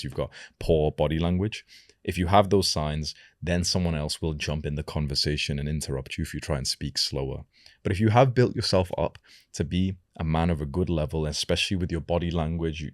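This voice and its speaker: A young man coaching viewers, talking slowly and deliberately and lowering the end of each sentence. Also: no room sound, clean studio sound. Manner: slow, deliberate delivery with lowered sentence endings. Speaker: self-improvement coach. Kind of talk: advice talk to camera.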